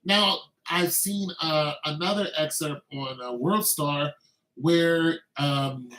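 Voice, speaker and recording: Veteran guy vlogging, slightly high voice, easygoing rambling delivery, echoey room. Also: takes it slowly, sharp tone. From Braddock, Pennsylvania. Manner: loose, conversational, heavy on filler phrases. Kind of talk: casual commentary monologue.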